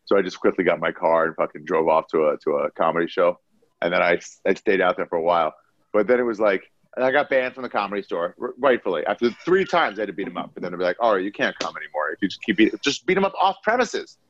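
A man's voice: low voice, expressive, quick pace, lo-fi sound. A young man chatting on a podcast, telling profane stories and acting out the people he quotes. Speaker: comedian guest. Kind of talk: casual podcast chat.

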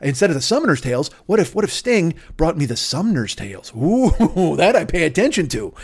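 A man hosting a podcast, riffing through a rambling comedy bit with excitable, profane, absurd tangents. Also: a little high, brisk, slightly rough. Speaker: podcast host.

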